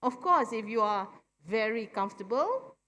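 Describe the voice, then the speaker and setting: A woman with a Malaysian English accent speaking at a live forum, often ending her points with "right?" in an animated teaching tone. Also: fairly high pitch, moderate pace. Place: convention centre forum stage.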